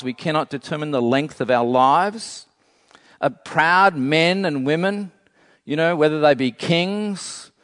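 A man preaching a sermon in a slightly high voice, driving home his point with one rhetorical question after another. He breaks off now and then for chatty asides to his congregation. His voice rings out with the long reverb of a church hall. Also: fairly bright tone. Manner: builds intensity with strings of rhetorical questions.

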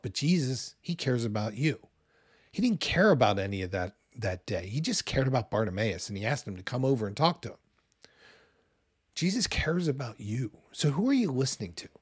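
A man in his forties preaching a sermon in a conversational, animated way, with loud bursts when he acts out what people say. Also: mid-range voice, breathy edge, no echo, studio quality. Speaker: pastor.

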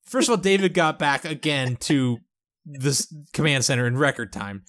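A man's voice: mid-range voice, normal speed. A man co-hosting a casual podcast, recapping a TV episode and acting out the characters' lines with frequent laughter. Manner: animated, acts out characters in quotes, laughs often. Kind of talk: casual chat.

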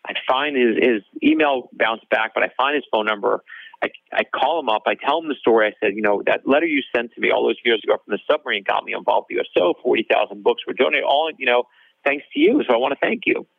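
A man's voice: medium pitch, fast talker, creaky, breathy edge, no echo. A male author telling a story in an interview, acting out the dialogue in it. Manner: animated storyteller, acts out dialogue. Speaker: author guest. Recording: dry tinny phone-like line.

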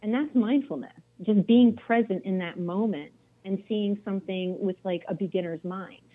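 A woman's voice: mid-range voice, normal speed. A chatty woman coach talks easily through a story, full of little fillers. Her voice comes over a thin, tinny phone line. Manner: chatty, anecdotal, many "like" fillers. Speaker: wellness coach. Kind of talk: casual podcast conversation.

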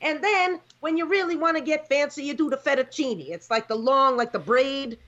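A woman's voice: high voice, normal speed, a bit bright, highs cut off. A woman co-hosting a casual chat, blunt and emphatic as she explains things. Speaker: podcast co-host.

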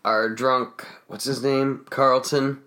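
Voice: medium pitch, fairly even intonation, slow, a bit bright. A co-host recapping a movie in casual chat, making wry, dry asides. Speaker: podcast co-host.

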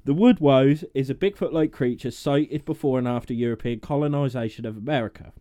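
A man's voice: mid-range voice, a little fast, dark tone. Rambling man chatting. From United Kingdom. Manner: rambling, laughs often, restarts. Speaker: podcast co-host. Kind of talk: casual chat.

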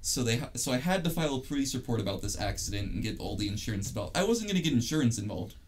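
A man's voice: medium pitch, sing-song, rapid-fire. A young man telling a story in casual chat, rambling and swearing with lots of restarts. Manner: rambling, profane, many restarts.

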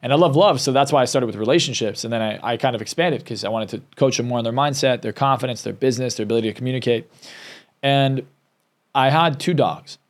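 A man guesting on a podcast as a success coach, telling his own story in a candid, emotional way. He talks quickly, and his pitch sits in a middle range. He often doubles back and restarts his sentences. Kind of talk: personal storytelling in a podcast interview.

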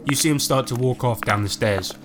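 A man runs a tabletop game as game master, describing scenes in a wry, playful way. His voice sits mid-range, with a clear music bed underneath. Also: medium pitch, brisk.

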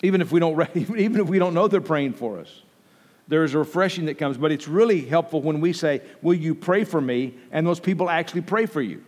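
A man's voice: a little high, expressive, quick pace, a little mellow. A man preaching an informal sermon, conversational, with frequent restarts and asides to the congregation. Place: church sanctuary. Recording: long reverb from a church hall.

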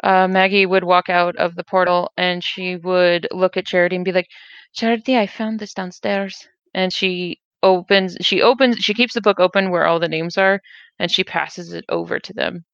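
Chatty woman with a smooth lowish voice. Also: little pitch movement, moderate pace, fairly bright tone, no room sound, dull audio. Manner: chatty, self-correcting. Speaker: player. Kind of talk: casual tabletop play.

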